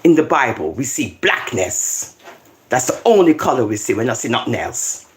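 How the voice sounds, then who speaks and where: A speaker, reading scripture aloud with commentary, getting excited and then calming down. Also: mid-range voice, moderate pace, slight background noise. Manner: excitable, animated, swings between loud bursts and quiet asides. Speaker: Rastafarian Bible reader.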